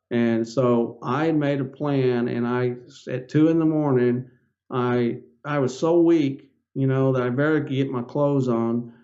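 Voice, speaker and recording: A man's voice: medium pitch, fairly even intonation, unhurried, dark tone, lo-fi sound. An older man, a podcast guest, telling his story in an earnest, folksy way and acting out the dialogue. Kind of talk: storytelling interview.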